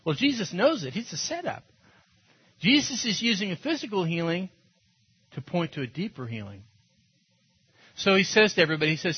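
A male pastor preaching a sermon, retelling a Bible story in a lively, storytelling way and acting out the characters' lines. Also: medium pitch, brisk, long pauses, slightly rough, lo-fi sound. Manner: animated storytelling with acted-out voices and laughs.

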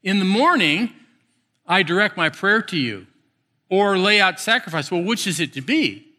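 Man, pastor preaching, bright voice, slightly high, hushed then emphatic. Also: normal speed. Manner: expressive, swings from hushed to emphatic. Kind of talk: sermon.

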